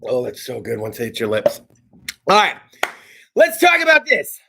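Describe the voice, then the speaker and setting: A man from South Texas hosting a casual talk show, loud, excitable and profane, often bursting into shouts while plugging sponsors. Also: medium pitch, moderate pace, gravelly, background noise.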